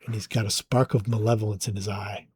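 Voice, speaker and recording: A man's voice: lowish voice, flat delivery, fast, darkish tone, husky. A man narrating a tabletop game as game master, casual and hesitant with many fillers. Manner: casual, hesitant with frequent ums.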